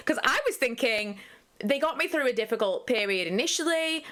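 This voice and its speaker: A woman's voice: medium pitch, animated, normal speed, fairly bright tone. Woman in her thirties, open and rambling personal vlogger. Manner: candid, rambling, frequent fillers. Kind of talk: candid personal vlog talk.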